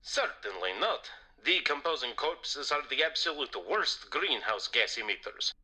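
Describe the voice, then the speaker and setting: A man's voice: medium pitch, very animated, a little slow, bright, forceful tone, breathy edge, full character voice. An actor voicing a smug male vampire who lectures about the environment in a theatrical manner. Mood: lecturing. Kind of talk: video game voice acting.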